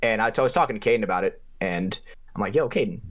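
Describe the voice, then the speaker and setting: A young man co-hosting a podcast, telling a game story in a casual, profane way, with his voice jumping up in pitch for emphasis. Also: racing, fairly bright tone. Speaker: podcast co-host and paintball player.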